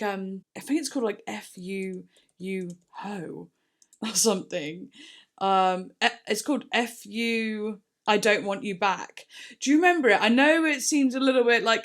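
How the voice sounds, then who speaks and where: A woman hosting a music reaction video, chatting casually and getting excited as she listens. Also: fairly high pitch, fairly quick. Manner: chatty, rambling, excitable with gasps and laughs. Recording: faint song playing behind.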